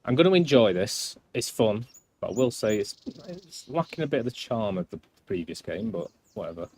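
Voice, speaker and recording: Lowish voiced guy rambling casually over gameplay. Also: big pitch swings, normal speed, darkish tone, slight background noise. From not American. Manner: chatty, offhand, rambling. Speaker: gamer streamer.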